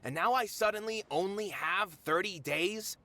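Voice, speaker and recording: An actor playing a stern but caring male theater manager who speaks gruffly and firmly. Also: high-pitched, normal speed, pushed and bright. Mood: indignant. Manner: gruff, firm.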